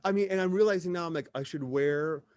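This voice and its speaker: A man from Wisconsin with a Wisconsin accent, telling stories in an animated, chatty way as a podcast guest. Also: a little high, fast talker. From Wisconsin, USA. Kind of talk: casual chat.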